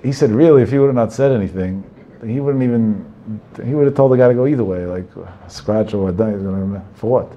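A man's voice: fairly low pitch, a little fast, dull audio, slight background noise. A man giving a religious talk, telling anecdotes in a digressive way with Hebrew terms mixed in. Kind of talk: Torah talk with storytelling.

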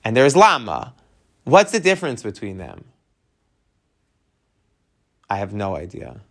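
A man teaching a text study class, animated and tossing rhetorical questions to his students. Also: on the low side, measured pace.

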